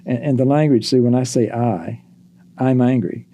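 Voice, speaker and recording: An older man speaks in a deep, dark-toned voice with slow, halting phrasing. He reflects aloud as a guest in a relaxed podcast conversation. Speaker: psychologist guest.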